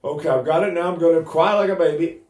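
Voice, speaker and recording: A man's voice: fairly high pitch, a little mellow, roomy sound. An older man teaching singing in a casual, rambling way, breaking into sung vowels to demonstrate.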